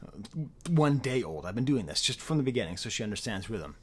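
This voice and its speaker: Rambling, animated man reviewing an album. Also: fairly low pitch, brisk, breathy edge. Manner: rambling, animated, self-interrupting. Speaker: music reviewer. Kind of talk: casual spoken album review.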